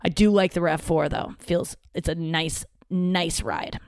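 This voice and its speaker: A woman's voice: on the low side, fairly even intonation, a little slow, darkish tone, no echo, clean studio sound. A woman hosting a podcast, telling stories in a chatty, profane, self-mocking way and quoting other people. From St. Louis area. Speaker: podcast host. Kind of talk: casual storytelling monologue. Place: father's home office.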